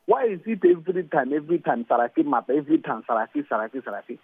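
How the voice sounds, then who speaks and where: A Nigerian man calling in to give his opinion, halting and repeating words as he gets heated, heard over a phone line. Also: on the high side, big pitch swings, slightly rough. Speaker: caller.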